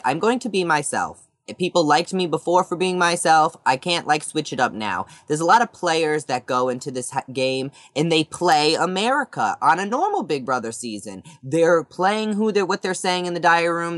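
Brief: sassy reality-show guest, very lively pitch, dry close sound. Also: male voice, no room sound. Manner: animated, sassy, laughs easily. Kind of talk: casual interview answers.

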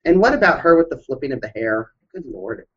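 A man's voice: mid-range voice, big pitch swings, a little fast, slightly rough. A man co-hosting a casual recap chat, speaking in a chatty, giggly way. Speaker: podcast co-host. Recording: dull lo-fi sound.

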